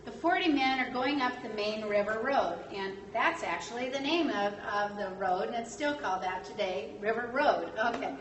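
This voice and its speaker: A woman telling a history story in a lively way, acting out the quotes and using lots of fillers. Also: on the high side, moderate pace, few pauses. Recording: echoey room, distant mic, faint noise.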